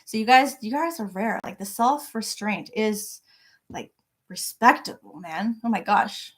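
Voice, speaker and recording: A woman's voice: medium pitch, lively intonation, unhurried. A middle-aged woman hosting a crochet live stream from her home office, chatting casually and greeting viewers by name.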